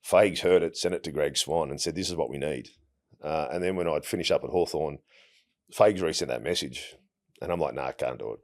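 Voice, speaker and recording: A man in his forties with an Australian accent, relaxed and anecdotal as an interview guest, often restarting his sentences. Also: extremely low pitch, brisk. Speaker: guest, retired footballer. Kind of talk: casual interview storytelling.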